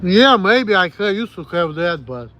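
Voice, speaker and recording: High-voiced Russian-accented man, rambling frankly. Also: sing-song, bright, forceful tone. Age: late 30s. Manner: rambling, frank, profane, halting self-corrections. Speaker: streamer. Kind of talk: candid livestream chat answering viewers.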